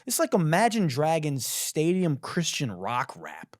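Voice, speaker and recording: Speaking at a measured pace with hardly any pauses, a man with a slightly high musician's voice hosts a podcast and sarcastically riffs on a song. He swears and mocks with animation in this comedic commentary, captured at studio quality with no room sound.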